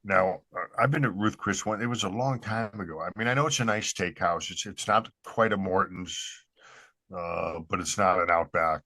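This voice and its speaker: Podcast co-host, man, deep voice, dry close sound, relaxed halting delivery. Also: no room sound. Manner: easygoing, halting with many fillers. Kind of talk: casual chat.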